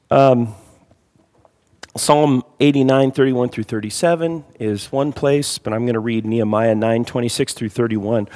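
A man teaching a conversational Bible study, emphatic and reading scripture aloud, often clearing his throat. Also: medium pitch, expressive, normal speed, dark tone, long reverb tail.

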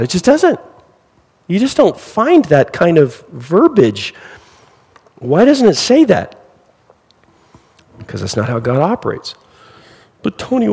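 A man preaching a sermon with lively rhetorical questions to his congregation. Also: a little high, creaky, slightly rough, big-room sound, poor audio. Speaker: pastor.

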